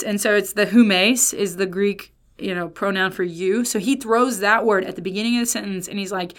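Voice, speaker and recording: A woman teaching Scripture in a relaxed, conversational way, at an ordinary pitch for her voice. She talks in bursts, stresses key words hard and often breaks off mid-sentence. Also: normal speed, hardly any pauses. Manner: chatty, emphatic, self-interrupting. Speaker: Bible teacher. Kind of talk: casual Bible teaching.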